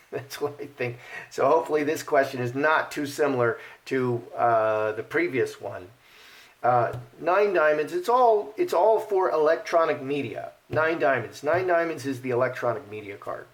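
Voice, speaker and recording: A man hosting his own channel, giving emphatic, opinionated commentary and then reading playing cards in a relaxed, musing way. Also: medium pitch, moderate pace. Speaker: card reader and channel host. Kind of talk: casual commentary and card reading.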